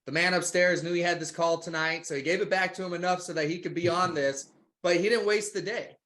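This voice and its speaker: A man's voice: high voice, steady tone, fast talker, a bit bright. A man hosting a sales webinar, enthusiastic and motivational, talking to viewers as guys. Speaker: webinar host. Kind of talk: webinar interview.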